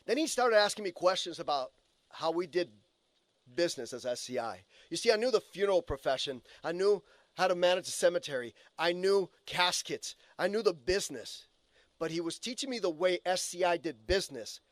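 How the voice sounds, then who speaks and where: A man's voice: high voice, dry recording. A man delivering an earnest memorial eulogy for a colleague, telling stories and quoting the deceased. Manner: earnest storytelling with quoted asides. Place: funeral home chapel.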